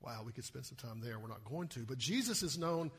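A male pastor giving an animated sermon and often asking the listeners rhetorical questions. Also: mid-range voice, brisk, breathy edge.

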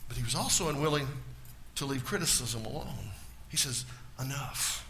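A male pastor preaching a sermon in a church, swinging from loud to hushed. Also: medium pitch, lively intonation, brisk, a little hiss or hum.

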